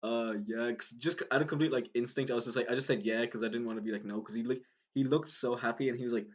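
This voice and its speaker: Young Irish guy, podcast co-host, loose rambling storyteller, mid-pitched voice, lots of filler words. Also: steady tone, fast, few pauses. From Ireland. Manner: rambling storyteller, many "like"s, laughs while talking. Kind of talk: casual chat.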